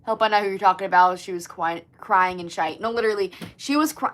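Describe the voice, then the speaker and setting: Woman, 20s, livestream host. Casual, profane, animated chat with viewers. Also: mid-range voice, brisk. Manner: chatty, swears often, lots of "like", animated.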